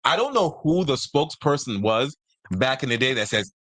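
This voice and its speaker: A man's voice: medium pitch, moderate pace, dry recording. Storytelling man with dry close sound. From Nigeria and the US. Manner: animated storyteller, acts out quotes. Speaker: podcast host. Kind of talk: casual chat.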